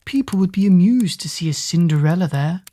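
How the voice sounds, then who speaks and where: A woman voicing a proud, mocking elder stepsister who speaks in a haughty, drawn-out way. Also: on the low side, expressive, warm tone.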